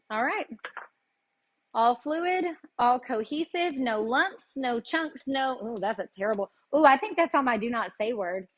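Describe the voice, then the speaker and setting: A woman with a Tennessee Southern accent hosts a live cooking lesson, chatting with her viewers in a folksy way as she cooks. Her voice is fairly high and a bit bright.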